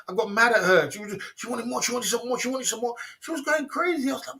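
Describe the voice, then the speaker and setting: A man's voice: high voice, steady tone, very fast, a bit bright. A man hosting a livestream, telling rambling stories between laughs in casual chat. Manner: reads viewer comments aloud. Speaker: livestream host.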